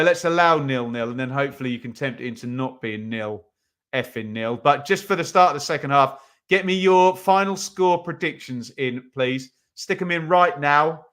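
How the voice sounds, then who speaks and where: A man's voice: a little high, a bit bright. A young man hosting a live football watch-along stream, chatting with viewers, reading out their comments and often saying um. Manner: chatty, reads out chat comments, many ums.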